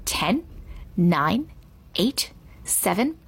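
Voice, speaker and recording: A woman's voice: mid-range voice, sing-song, drawn-out words, creaky, slightly rough, full character voice. A woman voicing a sly, sickly-sweet female teacher who turns cold and commanding, in a storybook reading. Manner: sugary then cold and commanding.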